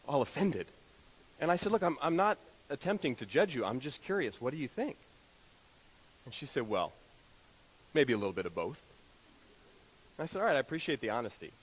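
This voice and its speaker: A man giving a motivational talk to an audience, telling stories in an animated, self-deprecating way. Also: medium pitch, big-room sound, slight background noise, poor audio. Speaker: motivational speaker. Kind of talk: storytelling keynote talk to an audience.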